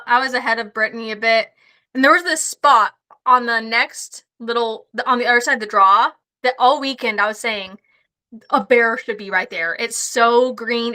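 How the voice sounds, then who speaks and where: A woman tells hunting stories as a podcast guest, her voice high and bright. She swears freely and laughs her way through the tale, talking casually. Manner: profane, laughing anecdotes. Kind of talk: casual storytelling.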